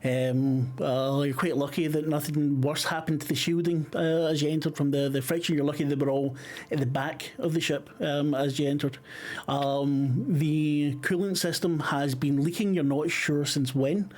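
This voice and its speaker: A man narrating a tabletop horror game as game master, halting and full of fillers. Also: fairly high pitch, steady tone, darkish tone.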